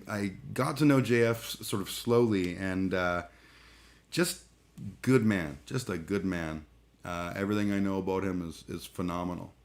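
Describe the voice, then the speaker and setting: A man chatting casually on a live stream, rambling and irreverent, full of fillers and restarts. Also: low voice. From Canada. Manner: irreverent, joking.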